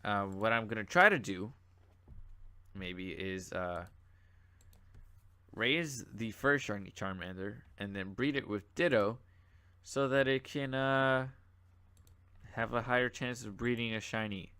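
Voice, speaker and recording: A young man talks through a browser game in a slightly low voice, sleepy and yawning now and then. He rambles and loops back on himself with plenty of fillers, with the odd mouse click behind him. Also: a little slow, pauses often, bright, forceful tone, clean tone. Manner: rambling and chatty, with many fillers and asides. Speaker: gaming channel host. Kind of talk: casual gameplay commentary.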